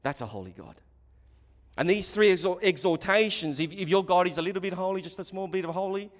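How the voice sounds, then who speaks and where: A man preaching a sermon with passion, surging to loud emphatic bursts and dropping to quiet low asides, often repeating words as he restarts a phrase. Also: a little fast. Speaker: pastor. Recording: long hall reverb.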